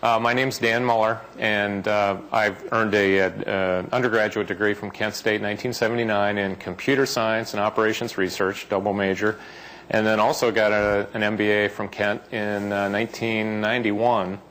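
Flat-voiced man in his sixties. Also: fairly low pitch, rough recording. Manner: halting, with fillers. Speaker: company president. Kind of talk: formal self-introduction.

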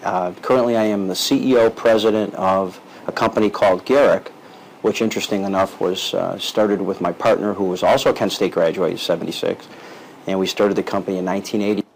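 A man's voice: low-pitched, steady tone, a little fast, creaky, slight background noise, low-quality recording. A man who is a company CEO, introducing himself plainly with some fillers. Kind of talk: casual self-introduction.

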